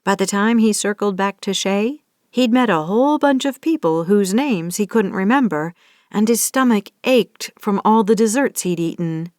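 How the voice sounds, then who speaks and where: A woman narrating a romance audiobook in a steady, scripted reading. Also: mid-range voice, moderate pace, no echo, clean studio sound.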